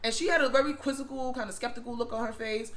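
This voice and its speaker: Bright-voiced heartfelt storyteller. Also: medium pitch, fairly even intonation, fast. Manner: rambling, heartfelt, repeats itself with many fillers. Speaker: spiritual shop owner and vlogger. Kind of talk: casual storytime monologue.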